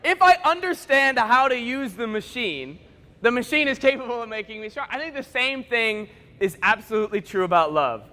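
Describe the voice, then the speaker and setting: High, bright-voiced male speaker in a reverberant hall. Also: sing-song. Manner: playful, joking storyteller acting out quick dialogue. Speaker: motivational speaker. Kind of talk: school assembly speech. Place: large school assembly hall. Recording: echoey hall with long reverb.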